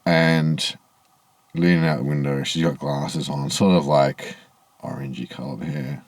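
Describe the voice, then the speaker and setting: A man's voice: very deep voice, steady tone, a little slow, dry recording. A man telling a rambling, aggrieved story to camera in a casual vlog, swearing freely, outdoors in the evening. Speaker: vlogger. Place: outdoors in low evening light.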